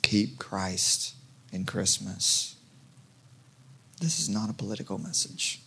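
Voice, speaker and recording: Male pastor, low gravelly voice, chatty sermon delivery, jokey asides. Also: takes it slowly, sharp tone, a little hiss or hum. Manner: conversational, jokey, many restarts.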